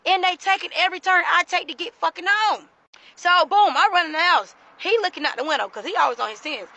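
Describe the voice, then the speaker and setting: A woman telling a story to her phone camera in a casual, animated, profane way. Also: very high voice, fast talker, dry recording, rough recording. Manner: animated, profane, dramatic retelling.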